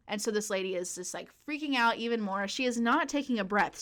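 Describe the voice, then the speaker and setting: A young woman chatting casually on a podcast, telling a workplace story in an animated way, laughing often. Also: mid-range voice, fast, few pauses. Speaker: podcast co-host.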